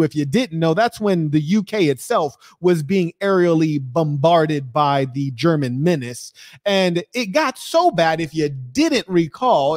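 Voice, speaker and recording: A man's voice: a little high, no echo, clean studio sound. A man, hosting a podcast and giving blunt, profane, mocking commentary. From United States. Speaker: podcast host. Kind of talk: ranting commentary.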